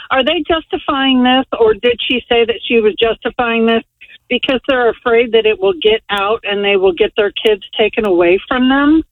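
A woman's voice: a little high, expressive, moderate pace, no echo. A woman calling a radio show, asking a question in a hesitant way. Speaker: caller. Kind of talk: phone-in chat. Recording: tinny phone line.

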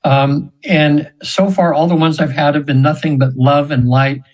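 A man in his seventies, a hypnosis practitioner, telling stories in a chatty, rambling way with laughs and quick high voices for the people he quotes. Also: fairly even intonation, low-quality recording. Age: 70s. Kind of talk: storytelling in an interview.

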